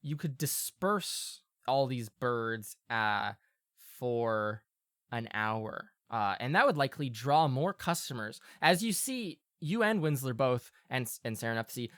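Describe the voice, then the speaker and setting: A woman game master narrates a tabletop game with playful asides and quick tangents. Her voice sits low but jumps around a lot and has a bright edge. The recording is dry and close. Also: lively intonation, dry recording.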